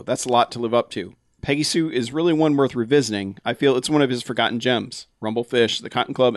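A man's voice: medium pitch, no room sound, studio quality. A man co-hosting a podcast, reading a listener's email aloud in a casual, laughing way. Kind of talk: casual chat.

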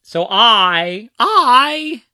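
A man recalls his child's early years in a relaxed chat. He talks in a bright, forward tone with big swings in pitch and acts out the voices he quotes. The recording is dry and close, with no room sound. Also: very slow, dry recording. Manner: animated, acts out quoted voices, frequent restarts. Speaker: parent telling family stories. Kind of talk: casual storytelling conversation.

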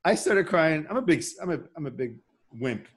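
A man's voice: on the high side, lively intonation, normal speed, husky. Man, podcast host, casual chat, rambling, emotional.

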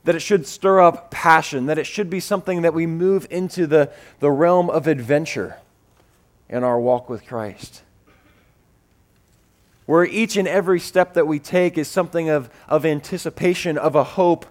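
Animated preaching man, slightly high voice. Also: moderate pace. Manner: animated, repeats words as he builds; acts out voices in his stories. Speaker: pastor. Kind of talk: sermon with personal storytelling.

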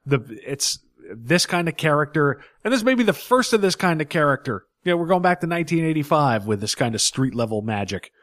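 A man's voice: on the high side, big pitch swings, a little fast, hardly any pauses, a bit bright, no echo, clean studio sound. A middle-aged man co-hosting a casual comic book podcast, blunt and opinionated, often laughing. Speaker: podcast co-host.

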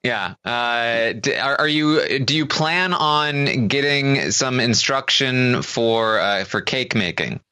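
A man co-hosting a podcast, asking hesitant, halting questions. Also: mid-range voice, animated, pushed and bright, clean tone. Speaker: podcast co-host. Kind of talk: casual interview.

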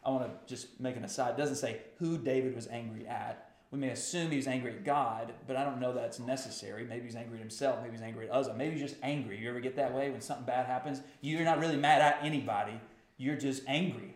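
A man preaching a sermon, animated and building to impassioned outbursts. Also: mid-range voice, quick pace, echoey room. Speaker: pastor.

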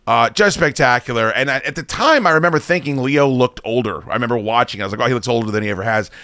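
A man's voice: medium pitch, fast, bright, forceful tone, dry recording. A man in his thirties hosting a podcast, telling a long story in a rambling, self-mocking way and swearing constantly. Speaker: podcast host. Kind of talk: casual profane storytelling.

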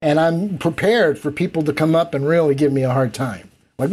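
Warm-voiced man telling a story. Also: a little high, moderate pace, slightly rough. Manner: animated anecdotes, acts out quoted voices. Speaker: interview guest, event producer. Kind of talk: storytelling in casual interview.

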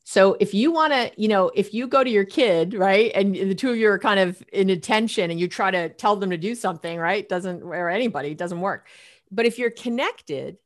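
Middle-aged woman therapist, guest on a show; lively, laughs a lot, plays out her clients' voices. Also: medium pitch, brisk. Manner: animated, laughs often, acts out clients' lines. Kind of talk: casual interview talk.

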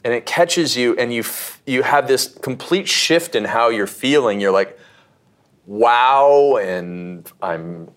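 Animated man telling a story. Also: mid-range voice, a little slow, hardly any pauses. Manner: animated, repeats and restarts, acts out quotes. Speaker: podcast guest. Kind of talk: casual interview storytelling.

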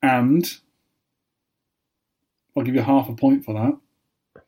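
A man hosting a playful quiz, teasing and deadpan. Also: mid-range voice, slow, long pauses, husky. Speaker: podcast co-host, quizmaster.

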